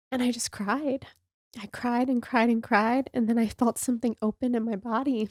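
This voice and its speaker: A woman podcast host telling a personal story in an open, emotional and confessional way, sometimes dropping to a soft near-whisper. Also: on the high side, steady tone, moderate pace, no echo, studio quality.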